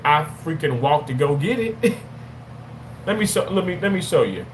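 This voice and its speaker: A man in his thirties with a fairly high voice tells a personal story straight to his phone camera. He talks casually and animatedly, restarting his sentences and repeating himself, with a faint hum of the room behind him. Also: moderate pace. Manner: animated, repeats words, playful exclamations. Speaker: vlogger.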